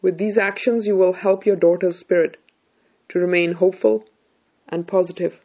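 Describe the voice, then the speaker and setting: A woman voicing a serious, devout middle-aged husband who calmly consoles his wife about faith. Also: lowish voice, moderate pace, dull audio. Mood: gently consoling. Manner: calm, consoling, preaching.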